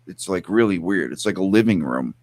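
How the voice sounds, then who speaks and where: A middle-aged man hosting a casual chat, animated and swearing freely as he acts out bits of stories. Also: deep voice, brisk. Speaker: podcast host.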